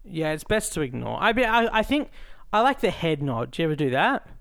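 A man's voice: a little high, fairly quick, creaky. A young man co-hosting a podcast, teasing his sister in casual chat. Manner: teasing, lively questioning. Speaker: podcast co-host.

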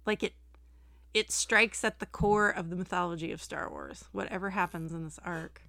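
A middle-aged woman co-hosts a podcast in a chatty, animated way and is quick to joke. Her voice is bright and crisp, and it is recorded dry and close. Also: lowish voice, dry recording. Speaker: podcast co-host. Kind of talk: casual chat.

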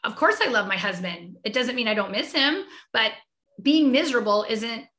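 A woman with a bright, fairly high voice speaks heartfelt and reflective, often stopping and restarting her sentences. She is a podcast guest in a conversational interview. The recording has a noticeably echoey room sound. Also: expressive, normal speed.

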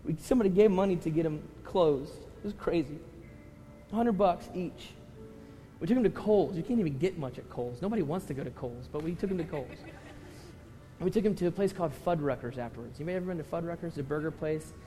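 A man preaching a sermon as pastor, telling a story emotionally, swinging from loud to hushed and tearful at times. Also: fairly high pitch, animated, fast. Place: church sanctuary. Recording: church hall reverb with music.

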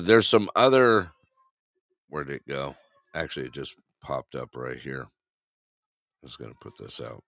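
Deep-voiced, animated man in casual chat. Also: creaky, no room sound, clean studio sound. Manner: rambling, jokey, laughs often. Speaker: co-host. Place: camping in remote Alaska.

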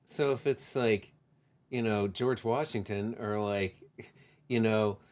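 A co-host in a casual discussion, hesitant and thinking aloud. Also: female voice, very deep voice, takes it slowly, a little mellow.

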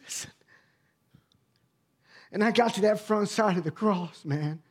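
A middle-aged man, a pastor, preaching a personal testimony in a conversational storytelling way, dropping to a hush and then rising to emphatic bursts. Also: high-pitched, a little slow. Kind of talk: sermon testimony.

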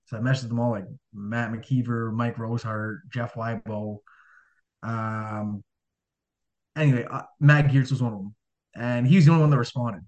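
A man's voice: mid-range voice, steady tone, moderate pace, darkish tone. A man, a podcast guest telling his life story in a rambling casual way, full of fillers and acted-out dialogue. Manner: rambling, heavy on fillers, acts out quoted dialogue. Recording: dull lo-fi audio.

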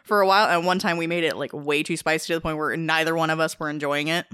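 A woman's voice: sits low, fairly even intonation, quick pace, fairly bright tone, clear, resonant tone, dry recording, studio quality. A woman guest on a podcast, chatting casually with lots of fillers and laughter. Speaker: guest on a food-tasting podcast. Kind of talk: casual chat.

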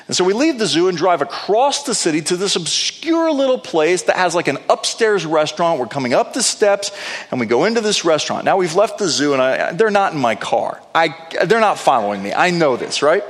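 A male pastor telling a story in a sermon, animated, with playful asides. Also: on the high side, fairly quick. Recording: long reverb of a large hall.

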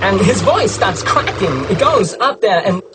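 A man explaining, in a lively, demonstrative way, how to do a voice impression. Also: sits high, a little slow. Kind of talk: tutorial over music. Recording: loud hip hop music behind.

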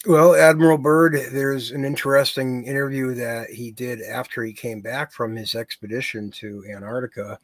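A man's voice: mid-range voice, fairly even intonation, no echo. Man talking in a dry, close sound. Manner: measured, with fillers like "you know" and "uh". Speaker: podcast co-host. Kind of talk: casual conversational chat.

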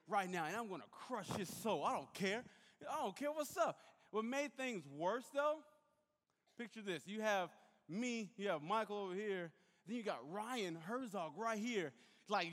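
A young man giving a sermon, telling a lively personal story and acting out the voices of the people in it. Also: high voice. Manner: animated storyteller, acts out voices and shouts. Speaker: youth pastor. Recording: long hall reverb.

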